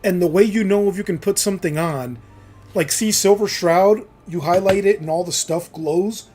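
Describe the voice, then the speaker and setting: A man doing casual live commentary while he plays a game. His voice sits a bit high, and he keeps up a loose, chatty flow, tossing in "man" now and then. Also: moderate pace, darkish tone, faint music behind. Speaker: streamer.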